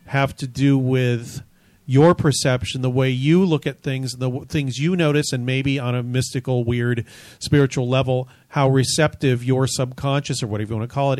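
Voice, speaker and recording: Joking, chatty male co-host, mid pitch, dry close mic. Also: a little mellow, dry recording. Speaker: podcast co-host. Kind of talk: casual panel discussion.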